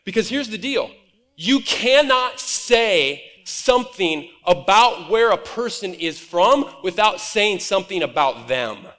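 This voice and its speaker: A man from Nebraska preaching a conversational, animated sermon from a church stage. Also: sits high, slow. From Nebraska, USA. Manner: conversational and animated, acts out quoted voices. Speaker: pastor. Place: church auditorium. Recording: reverberant hall.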